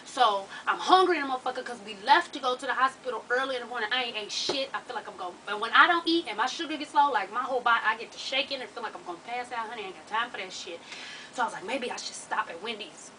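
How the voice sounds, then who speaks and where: A woman vlogger telling a personal story to her viewers in an animated, profane, slang-heavy way. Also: on the high side, very fast, recorded from a distance, background noise.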